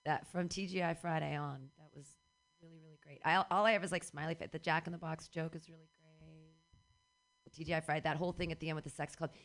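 A woman hosting an open mic, chatting casually and giving quick feedback after a set. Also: deep voice, steady tone, slight background noise. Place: small comedy venue.

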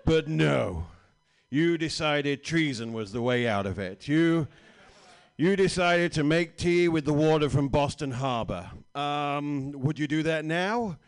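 A man's voice: fairly high pitch, slow pace, clean tone. A man from Britain with a British accent, performing a stand-up comedy set in a small bar, dry and self-mocking with stammering restarts.

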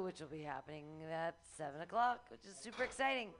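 A woman's voice: mid-range voice, lively intonation, brisk, few pauses, fairly bright tone, soft background music. A woman hosting an open-mic comedy show, cheerily bringing on the next act.

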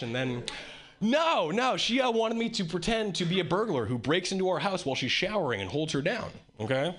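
A man doing a stand-up comedy set in a club, telling crude stories in an animated way. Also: sits high, fairly quick. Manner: animated storytelling with crude jokes. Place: comedy club with a live audience. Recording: live club recording with loud crowd. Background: crowd laughing.

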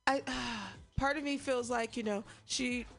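A woman's voice: fairly high pitch, measured pace, gravelly, fairly bright tone. A woman co-hosting a radio show in casual chat, hesitant and thinking aloud. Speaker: radio co-host.

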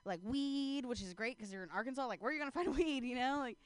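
A woman's voice: sits high, fast, clear, resonant tone, no room sound. A young woman comedian telling a rambling stand-up story on stage, full of fillers, laughing at her own jokes into a handheld mic.

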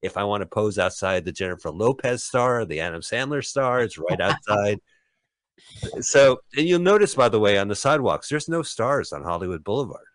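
Male podcast host, rambling and jokey, lively intonation, dry close mic. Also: fairly low pitch, fairly quick, few pauses, dry recording. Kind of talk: casual comedic commentary.

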